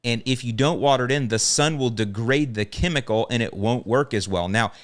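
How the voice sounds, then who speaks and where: A man's voice: medium pitch, a little fast. A middle-aged man with a Chicago accent, hosting a solo podcast and giving practical, direct advice that repeats the key points plainly. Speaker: podcast host answering lawn care questions.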